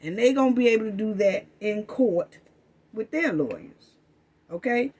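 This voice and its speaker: A woman's voice: fairly high pitch, very animated, measured pace, a bit bright, slightly rough. Woman host, heated casual commentary, repeats herself, calls viewers family. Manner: fired-up, repetitive, addresses audience as family.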